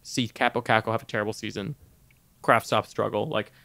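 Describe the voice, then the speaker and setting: Gravelly-voiced man in casual chat. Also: on the low side, brisk, no room sound. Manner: animated, laughs often, trips over words. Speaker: podcast co-host. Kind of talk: casual fantasy sports chat.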